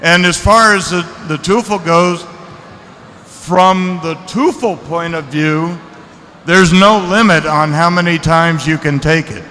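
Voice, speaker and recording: Guy answering questions at a seminar, fairly high bright voice, echoey hall w/ faint hiss. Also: slow pace. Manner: relaxed, conversational explaining. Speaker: seminar speaker.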